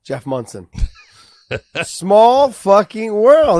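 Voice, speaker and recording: A man co-hosting a podcast, chatting in a loose, excitable way with plenty of swearing. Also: sits high, drawn-out words, no echo. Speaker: podcast co-host. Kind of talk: casual chat.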